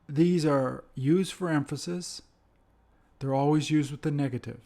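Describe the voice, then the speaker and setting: A man teaching an English lesson, speaking slowly and carefully and repeating example phrases. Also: a little high, vocal fry, dark tone. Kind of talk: slow, deliberate language lesson.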